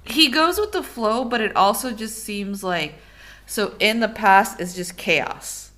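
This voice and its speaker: A woman's voice: medium pitch, unhurried, a bit bright. A woman co-hosting a film podcast, talking frankly and casually, with the occasional swear word. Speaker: podcast co-host.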